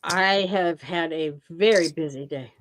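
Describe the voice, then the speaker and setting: Slow chatty lady cohost going over her busy day. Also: deep voice, background noise. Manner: chatty, recounts errands step by step. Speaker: co-host of a live chat show. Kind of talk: casual chat.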